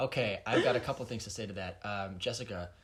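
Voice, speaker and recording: A man's voice: lowish voice, racing, a crowd in the background. A young man co-hosting a casual podcast, teasing and mock-serious. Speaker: podcast co-host. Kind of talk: casual banter.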